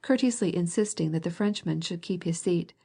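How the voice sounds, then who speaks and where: A woman reading a classic novel aloud as an audiobook narrator, in a measured way, gently voicing each character. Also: lowish voice, vocal fry.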